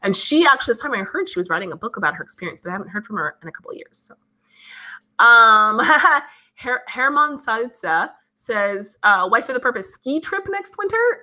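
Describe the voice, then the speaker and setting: Female host, 30s, bright voice, casual live-chat reader, giggly and emotional. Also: medium pitch. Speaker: livestream host reading chat.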